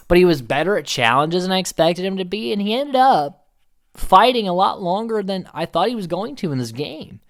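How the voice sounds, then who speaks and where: A man giving a casual, opinionated recap commentary, animated and swearing, with many fillers. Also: fairly high pitch.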